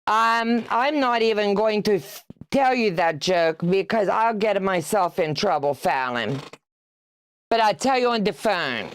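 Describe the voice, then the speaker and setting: A woman's voice: mid-range voice, measured pace. A woman in her sixties hosting a quilting livestream. She chats casually while she sews, teases viewers and greets them by name, and laughs often. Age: 60s. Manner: chatty and teasing, reads out viewer comments, laughs often.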